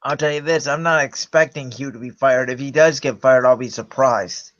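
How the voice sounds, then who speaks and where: A man's voice: mid-range voice, normal speed, a bit bright, dull audio. A man hosting a casual sports podcast, giving emphatic opinions and announcements. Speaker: podcast host.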